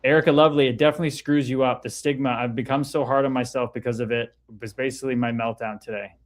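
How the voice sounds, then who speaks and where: A man's voice: mid-range voice, steady tone, quick pace. Male livestream host, mid-range voice, frank and loose, reads chat aloud. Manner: candid, swears freely, reads viewer comments aloud. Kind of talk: casual livestream talk.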